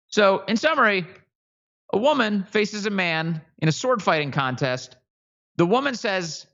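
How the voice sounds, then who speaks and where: A man's voice: high-pitched, expressive, a little slow, vocal fry, pushed and bright, dull audio. Sarcastic male political show host. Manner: sarcastic, mocking, emphatic.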